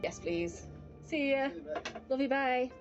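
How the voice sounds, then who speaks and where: Over background music and through dull audio, a high-pitched woman speaks slowly while livestreaming a video game. Her commentary is expressive: she reacts out loud to the story, talks with viewers, and drifts into baby talk with her pet.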